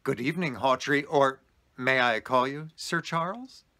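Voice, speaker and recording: A man voicing a curious, polite young actor who fires off quick questions. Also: mid-range voice, pushed and bright. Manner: rapid-fire questioning.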